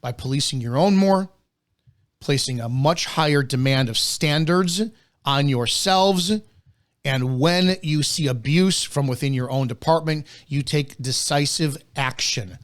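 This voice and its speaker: A man's voice: on the high side, unhurried. A man hosting a live policing commentary show, talking bluntly and with emphasis, repeating his key points, swearing now and then and often stumbling into restarts.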